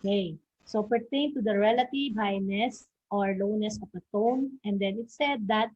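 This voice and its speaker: A woman's voice: medium pitch, normal speed, darkish tone, a little hiss or hum. A woman teacher explains stress and intonation, saying "okay" often and ending points with "no?". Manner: frequent "okay" and "no?" tags, models example words and questions aloud. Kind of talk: recorded online lesson. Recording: dull lo-fi audio.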